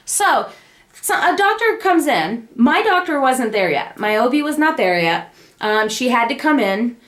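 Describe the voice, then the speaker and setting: A young woman casually telling her family the story of a birth, acting out the quoted lines. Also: measured pace. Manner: animated, acts out the quoted lines in a high voice. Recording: echoey room.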